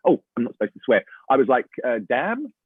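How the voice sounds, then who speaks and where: A middle-aged Englishman with an English accent, an actor telling a story in a lively casual chat. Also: mid-range voice, fast, slightly rough, dry recording, phone-quality sound. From England. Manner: animated storyteller, chatty, says mate and man a lot. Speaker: voice actor guest.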